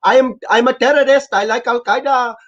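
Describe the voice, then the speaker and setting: A pushy male official on a prank call, voiced by a man, pitched well above normal speech. He sounds oily and coaxing and keeps calling the listener his friend. The recording is muffled and lo-fi. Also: steady tone, a little fast, fairly bright tone. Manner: ingratiating, repeats "my friend".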